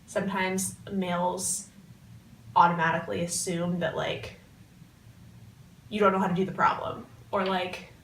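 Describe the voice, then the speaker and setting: A woman's voice: on the low side, little pitch movement, unhurried, vocal fry, long pauses, a bit bright. Hesitant young woman recorded from afar. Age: 20s. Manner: hesitant, with many "um"s and "like"s. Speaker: computer science student. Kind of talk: interview answers. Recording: echoey, distant mic with some noise.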